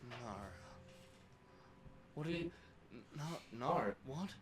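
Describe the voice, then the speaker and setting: A man voicing a hot-headed, fire-breathing dragon-kin brawler who shouts and swears in a game session. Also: deep voice, fairly even intonation, normal speed, a loud crowd, pitched below the performer's own voice, close to an everyday voice. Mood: confused. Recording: echoey room with background noise.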